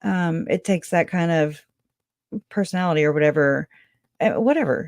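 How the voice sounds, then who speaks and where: A woman's voice: sits low, moderate pace, darkish tone, no echo, studio quality. A woman hosting a call-in show, chatting casually, rambling and laughing often, trailing off mid-thought. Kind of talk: casual chat. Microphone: video call.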